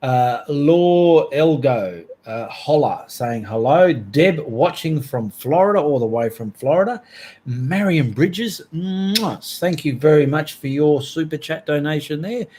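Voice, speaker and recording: An Australian man hosting a relaxed art livestream. He chats cheerfully with his viewers, reading their names and comments aloud and drawing out his thanks. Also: fairly high pitch, takes it slowly.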